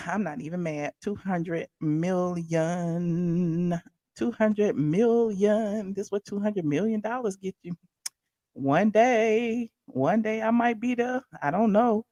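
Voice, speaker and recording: A woman hosting a casual live-stream commentary, animated and excitable, chatting with her viewers in asides. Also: medium pitch, a little slow, no echo, studio quality. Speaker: commentary channel host.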